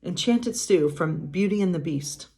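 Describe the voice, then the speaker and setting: A woman's voice: fairly low pitch, lively intonation, unhurried, darkish tone, breathy edge. A woman pastor reading a bedtime story aloud, with chatty, casual asides and laughs.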